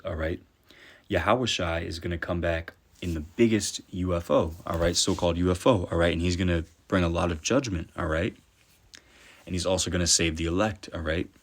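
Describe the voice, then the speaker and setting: Low-voiced man preaching, "all right?". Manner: peppers speech with "all right?"; reads verses slowly and deliberately. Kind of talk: scripture teaching.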